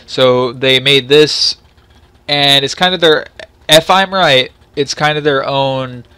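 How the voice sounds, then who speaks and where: Smooth-voiced rambling man reviewing games. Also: mid-range voice, takes it slowly, bright, forceful tone, no room sound. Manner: rambling and apologetic, self-deprecating, many fillers and restarts. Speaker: game reviewer, channel host. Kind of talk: casual unscripted video review.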